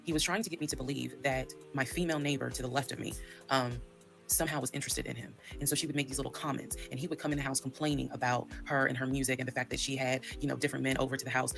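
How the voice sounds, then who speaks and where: A woman's voice: extremely low pitch, little pitch movement, racing, vocal fry, music in the background. A woman telling her own story in a candid, profane way, acting out the dialogue she quotes. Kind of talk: storytime monologue.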